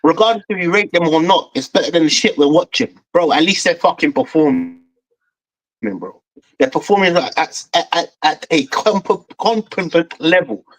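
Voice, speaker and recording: Furious young man ranting, swinging pitch. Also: animated, normal speed, poor audio. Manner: angry, swearing, repeats "bro". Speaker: fan show host. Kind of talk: heated football fan rant.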